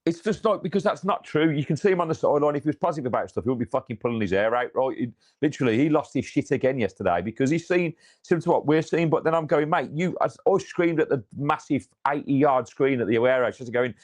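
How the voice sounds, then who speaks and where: On a fan podcast, a male co-host with a mid-range voice talks football in casual, unscripted chat. He talks fast with few pauses, swears freely, restarts sentences, and gets animated as he rants.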